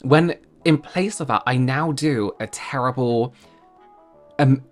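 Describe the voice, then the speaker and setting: An English man hosting a reaction video, chatting casually with quick asides and laughing at himself. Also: mid-range voice, faint music behind. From England.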